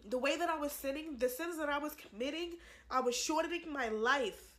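A young woman with a high, brisk, slightly bright voice gives an earnest religious testimony to the camera. She pleads with viewers, calls them "y'all," and repeats herself for emphasis.

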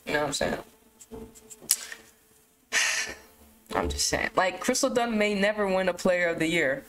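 A woman's voice: lowish voice, measured pace, long pauses, rough recording. Profane, rambling woman vlogger. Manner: rambling, profane, animated outbursts. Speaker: YouTube vlogger. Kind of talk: casual monologue to camera.

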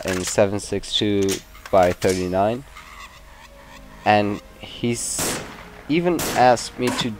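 A man whose first language is not English, hosting a gameplay video with excitable, swear-filled commentary. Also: low-pitched, background noise. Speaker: let's play host. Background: game music and gunfire.

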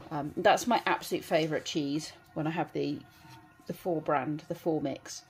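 A woman's voice: deep voice, steady tone, moderate pace. A woman vlogging casually, cooing at her animals in baby talk. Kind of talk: casual vlog chat. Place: outdoors with animals, then at home. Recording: faint background noise.

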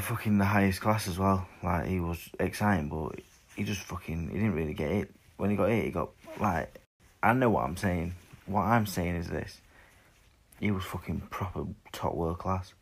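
A man in his twenties chats bluntly and swears freely as he answers questions, drifting from point to point. His voice sits low with a gravelly fry and a husky, slightly raspy edge. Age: 20s. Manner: blunt and sweary, loose rambling delivery. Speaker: boxer answering fan questions. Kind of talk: casual chat.

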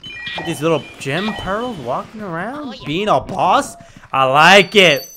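Excitable young man voicing gameplay commentary. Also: high voice, measured pace, noisy background. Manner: excitable, swearing, trash-talking. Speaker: gaming video creator.

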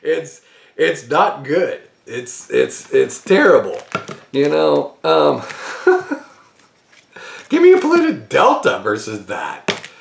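A man's voice: a little high, huge pitch swings, takes it slowly, creaky, long pauses, reverberant, a little hiss or hum. A man hosting a card-opening channel, giving his opinion in a casual, rambling way, breaking into laughter often and restarting his sentences.

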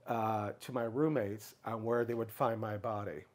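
A middle-aged man telling a long personal story in a casual interview, animated, and briefly raising his voice to act out what others said. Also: normal speed. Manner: animated storyteller, acts out others' lines in a raised pitch. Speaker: guest speaker.

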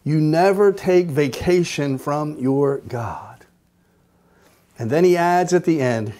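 Slow, mellow-voiced man teaching Bible study. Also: fairly high pitch. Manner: slow, deliberate storytelling with emphatic repetition.

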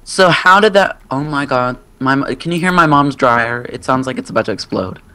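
A woman's voice: a bass voice, expressive, moderate pace, a bit bright. A teenage girl chatting casually and giggling while playing a game. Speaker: gamer. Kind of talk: casual gaming chat.

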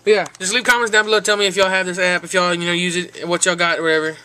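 A man's voice: sits high, flat delivery, fast, sharp tone. A man talking casually in a rambling home vlog, repeating himself and saying "y'all" a lot. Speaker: vlogger. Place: outdoors in hot weather.

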